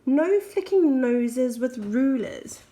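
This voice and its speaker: A woman's voice: sits high, animated, takes it slowly, warm tone. A woman doing a firm storybook mum. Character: patient mother of a busy family.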